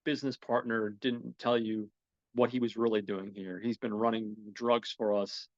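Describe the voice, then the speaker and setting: A man's voice: lowish voice, little pitch movement, moderate pace, no echo, highs cut off, natural voice. A man doing a cool, condescending gang boss. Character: intimidating male gang leader.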